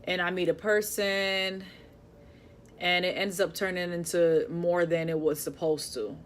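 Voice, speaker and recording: A young woman, telling a personal story in a casual, halting, emotional way with many fillers. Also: on the low side, steady tone, a little hiss or hum. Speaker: vlogger.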